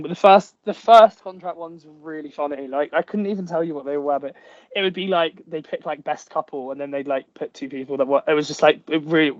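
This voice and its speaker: A man chats as an interview guest, rattling through his stories at a quick clip and leaning on "like" between phrases. His voice sits high for a man. The sound is dry and a little dull and lo-fi. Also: fairly bright tone, no echo. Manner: chatty storytelling with many "like" fillers. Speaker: actor and guest. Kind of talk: casual interview chat. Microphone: headphones.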